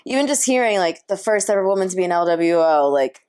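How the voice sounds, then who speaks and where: A woman in her thirties, from New York, talks through her stories in a loose, chatty interview. Her voice sits a little low, and she fills her sentences with "like" as she keeps the story moving. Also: fast, smooth. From Queens, New York. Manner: chatty, animated storyteller with frequent "like". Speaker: interview guest, wrestler. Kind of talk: casual interview chat.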